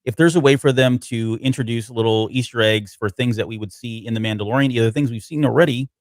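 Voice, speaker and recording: A man's voice: medium pitch, quick pace, dry recording, studio quality. A man co-hosting a casual podcast chat, speaking hesitantly with many ums and restarts. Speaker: podcast co-host.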